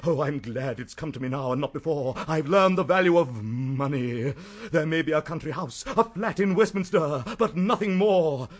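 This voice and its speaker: An actor playing an effusive, overwrought theatrical playwright who gushes while laughing through tears, in a radio drama. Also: male voice, a little high, normal speed, lightly acted. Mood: grandiose.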